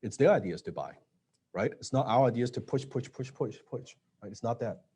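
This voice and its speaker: A man teaching a live sales training, blunt and casual, swearing now and then and dropping low to stress points. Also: animated, fairly quick, dark tone, husky. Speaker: sales coach.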